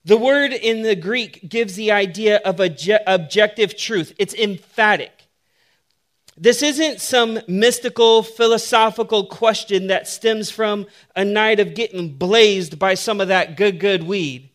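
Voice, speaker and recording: A man's voice: high voice, unhurried, a bit bright. A man preaching a sermon in a conversational, humorous way that builds to emphatic points.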